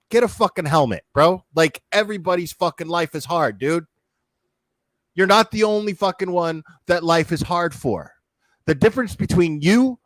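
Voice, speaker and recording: A man's voice: on the high side, no room sound. A man ranting profanely and heatedly as a streamer, commenting on a video and talking to his chat.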